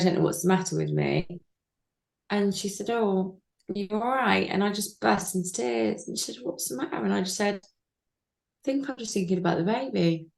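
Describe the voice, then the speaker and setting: A woman's voice: medium pitch, creaky, fairly bright tone, reverberant. A woman, an interview guest, speaking openly and emotionally about personal loss over a video call. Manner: open, emotional, candid storytelling.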